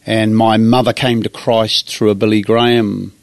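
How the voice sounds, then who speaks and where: Earnest New Zealand pastor, low and dry. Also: male voice, normal speed, creaky, no room sound. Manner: earnest, animated when acting out his younger self. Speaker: pastor, guest. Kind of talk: personal storytelling. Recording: dry close sound.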